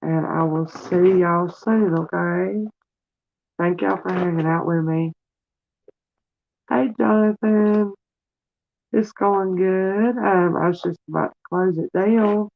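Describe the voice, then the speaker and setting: With a creaky, lowish voice, this middle-aged woman speaks slowly and leaves long pauses during a casual live-stream chat. Tearful but affectionate, she calls viewers honey and sweetie, and the audio sounds tinny and phone-like.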